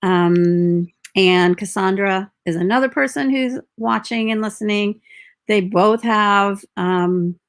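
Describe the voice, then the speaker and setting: A woman hosting a live-streamed podcast interview, upbeat and gently prompting her guest. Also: mid-range voice, slow pace. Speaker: podcast host.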